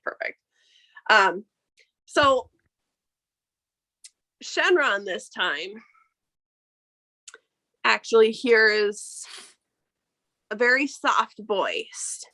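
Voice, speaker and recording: Bright, unhurried woman game master. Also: on the high side, low-quality recording. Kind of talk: running a tabletop game. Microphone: online call audio.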